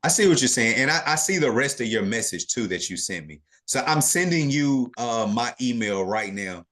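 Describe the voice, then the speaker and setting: A man leads a live investing class online, fielding questions on a video call casually, often restarting sentences and using fillers. He speaks at normal speed in a mid-range voice.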